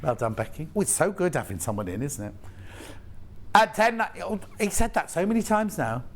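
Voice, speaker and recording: On a live TV shopping channel, a man presents from the studio in a voice on the high side, very animated and brisk. He chats and rambles while selling, tossing in jokey asides.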